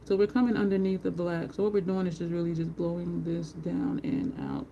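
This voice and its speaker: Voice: medium pitch, lively intonation, fairly quick, vocal fry, mellow, lo-fi sound, a little hiss or hum. Chatty rambling makeup vlogger. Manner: chatty, rambling storyteller with frequent laughs; greets live viewers by name. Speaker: makeup tutorial host. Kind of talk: casual chat while doing makeup.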